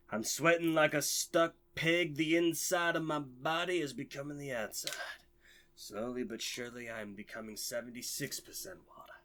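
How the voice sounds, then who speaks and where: A man putting on a deep, parched, melodramatic growl. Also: sharp tone, slight background noise. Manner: slow, solemn, theatrical delivery. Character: parched, melodramatic man in low promo-style voice.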